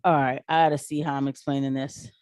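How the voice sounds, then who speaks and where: A woman talking straight to her viewers about her work as a nurse, in a casual, animated way. She tells her stories with quick put-on voices for the people she quotes. The sound is close and dry, with no room echo. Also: very deep voice. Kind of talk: casual commentary vlog.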